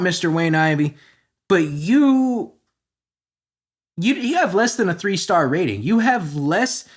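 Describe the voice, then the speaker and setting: A man's voice: on the high side, a bit bright. A man hosting a podcast, delivering a heated, sarcastic, profane comedic rant. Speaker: podcast host.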